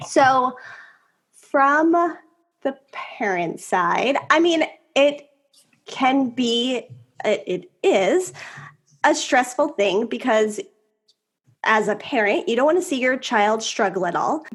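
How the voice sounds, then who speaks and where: A woman podcast co-host and mother talking in a casual conversation, emotional and laughing often, rambling quickly. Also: a little high, animated.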